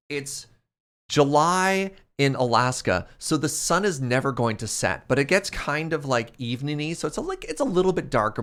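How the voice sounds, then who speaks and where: A man's voice: mid-range voice, fairly bright tone. A man in his thirties streaming a game, telling a story in casual chat and laughing often. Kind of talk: casual storytelling while gaming.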